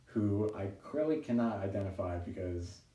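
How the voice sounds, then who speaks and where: A man's voice: on the low side, animated, moderate pace, warm tone. Rambling self-mocking man in a roomy home stream. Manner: rambling, self-deprecating, laughing often at his own jokes. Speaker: stand-up comedian. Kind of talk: live-streamed stand-up monologue. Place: at home during quarantine. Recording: roomy, distant home recording with faint noise.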